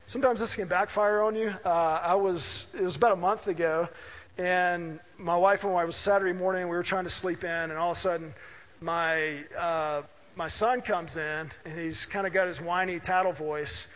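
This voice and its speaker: High-pitched man, middle-aged, from Mississippi, casual sermon, anecdotes, echoing hall. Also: fairly even intonation, moderate pace, a bit bright. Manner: conversational, anecdotal, asks listeners "right?". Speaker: pastor. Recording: reverberant hall.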